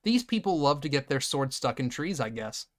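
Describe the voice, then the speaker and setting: A man's voice: on the high side, very animated. A man hosting a podcast, recapping a film in sarcastic, profane, casual chat. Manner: sarcastic, swears freely, recaps scenes in quick bursts. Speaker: podcast host. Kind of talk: casual movie-riffing chat.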